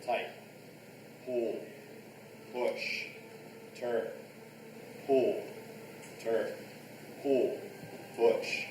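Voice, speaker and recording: A man teaching a live karate class, barking short commands and shouting counts, recorded in a restaurant event space from a distance. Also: medium pitch, steady tone, very slow, long pauses, slight background noise. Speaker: martial arts instructor. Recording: echoey room, picked up from far off.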